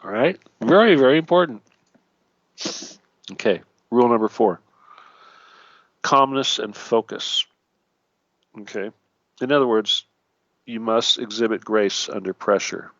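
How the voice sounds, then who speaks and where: Man, low voice, radio show host, preachy teaching tone, dry dull lo-fi sound. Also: a little slow, gravelly, pauses often, fairly bright tone, dry recording. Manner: preachy, repeats "okay" and "all right", jokey asides.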